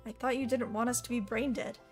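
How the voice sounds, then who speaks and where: A woman voicing a solemn, hyper-logical schoolboy who speaks flatly and matter-of-factly in an audiobook reading. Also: on the high side, a little fast, soft background music, close to an everyday voice. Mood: deadpan. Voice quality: flat deadpan delivery. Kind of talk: audiobook character voice.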